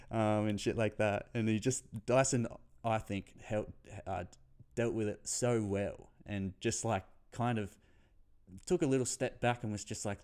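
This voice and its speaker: A young adult man with an Australian accent talks footy in a loose solo vlog. His voice sits a little low. He rambles, swears a lot and trails off when he loses his thread. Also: moderate pace, darkish tone, clean tone. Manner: rambling and heavily profane, loses his train of thought. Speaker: footy tipping vlogger. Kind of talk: casual solo commentary.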